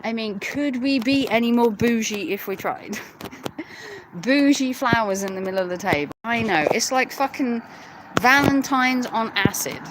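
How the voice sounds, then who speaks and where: A woman's voice: a little high, unhurried, background noise. A British woman hosting a casual livestream outdoors on her phone. She giggles, teases her viewers and swears casually. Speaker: livestream host. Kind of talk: casual live chat with viewers. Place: outdoors at night near a hotel and graveyard.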